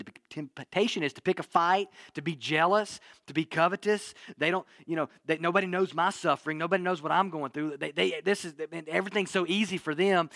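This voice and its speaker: A male pastor preaching a sermon in an earnest way, repeating key phrases and dropping his voice low for emphasis. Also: fairly bright tone, no room sound, studio quality.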